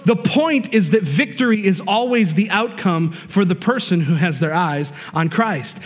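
A man preaching in a church sanctuary, his voice high and carrying, pressing his points with rising emphasis and frequent calls of amen. The sound hangs in the long reverb of a large hall. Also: expressive, a little slow. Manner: emphatic preacher with call-and-response asides. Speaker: pastor. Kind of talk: sermon.

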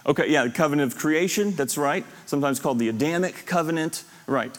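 Guy teaching a bible class, kinda high voice, explains and recaps, lots of hall echo. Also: fast. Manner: explanatory, recaps lists and repeats points. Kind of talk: classroom teaching with questions to students. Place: classroom or church hall with students. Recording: long reverb of a hall.

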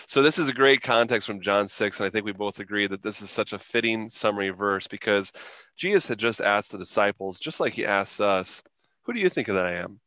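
Low-voiced pastor explaining scripture. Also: male voice, fairly quick, sharp tone, dry recording.

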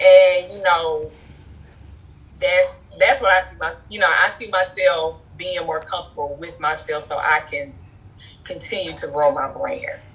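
A woman's voice: fairly low pitch, steady tone, unhurried, low-quality recording. A woman guest on a podcast talking about her clothing brand in a casual, chatty way, with many fillers and laughs.

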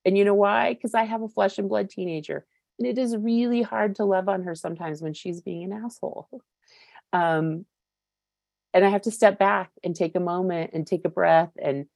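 A woman's voice: fairly low pitch, vocal fry, darkish tone, no echo. A woman in her fifties giving a personal recovery share, candid and searching, with many fillers and casual swearing. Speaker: recovery meeting speaker.

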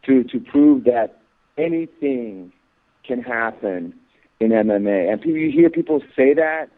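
Male phone-in guest, halting and emphatic, tinny line. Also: mid-range voice, sing-song, vocal fry. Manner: halting, repeats words, grows emphatic. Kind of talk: interview on radio.

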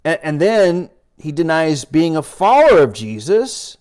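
A man's voice: high voice, lively intonation, normal speed, darkish tone. A man giving an informal sermon in a church, conversational and rambling, with many fillers and restarts, reading and retelling scripture. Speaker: preacher.

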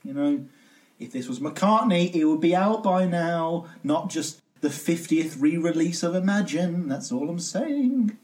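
A man's voice: fairly high pitch, lively intonation, measured pace, a little mellow. A man co-hosting a music podcast, chatting casually with wry joking asides. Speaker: podcast co-host.

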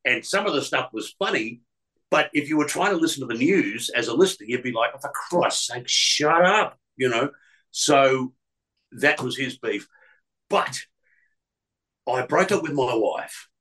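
A man's voice: mid-range voice, sharp tone, poor audio. A man, a radio presenter telling stories as a guest, who is emotional and often repeats words and restarts. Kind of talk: storytelling interview.

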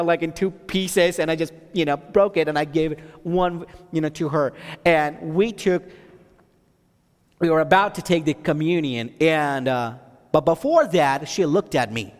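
A man's voice: on the high side, moderate pace, clean tone, in a large hall. A man from Texas telling a testimony as a sermon, with many restarts and fillers, rising to emphatic preaching.

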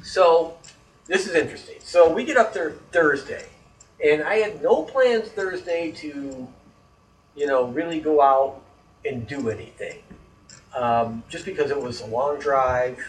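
A man's voice: fairly high pitch, unhurried, reverberant, a little hiss or hum. Guy telling a wild story, swears a lot, kinda far from the mic. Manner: animated, swearing, laughing storyteller. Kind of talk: casual chat. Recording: voice distant from the mic.

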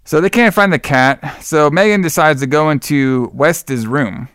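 A man's voice: on the high side, unhurried, a bit bright, smooth, dry recording, clean studio sound. A man co-hosting a podcast, recapping a horror film in casual, profane, rambling chat. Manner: rambling, profane, acts out quotes. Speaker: podcast co-host.

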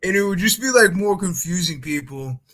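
A man's voice: high-pitched, expressive, normal speed, fairly bright tone, low-quality recording. A man chatting casually, telling rambling stories full of fillers. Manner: loose, rambling storytelling with many fillers. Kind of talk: casual podcast chat.

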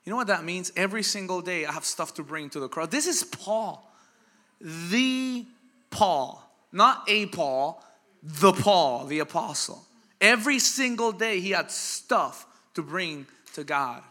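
A middle-aged man preaching a sermon, energetic and emphatic, acting out little quoted voices. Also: high-pitched.

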